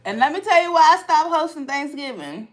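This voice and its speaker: A woman vlogger from Ohio, telling stories casually to her live chat and swinging from hushed asides to loud outbursts. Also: high-pitched, very animated, fairly quick.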